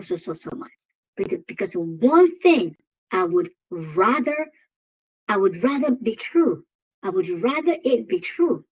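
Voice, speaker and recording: A woman's voice: mid-range voice, slightly rough, rough recording. A woman with an African accent hosting a commentary vlog, emphatic and given to repeating phrases and exclaiming. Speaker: host.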